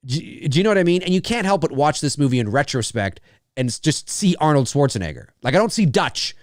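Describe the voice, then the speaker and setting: A man's voice: a little high, very animated, fast talker. A man hosting a live movie commentary, talking casually in a rambling, chatty way, laughing often and swearing freely.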